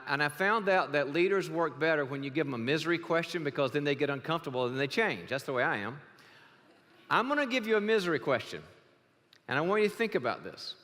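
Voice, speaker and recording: A man's voice: fairly high pitch, fairly bright tone. Joking man in an echoing hall. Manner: joking storyteller. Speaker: guest speaker. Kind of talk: humorous church talk. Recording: reverberant church hall.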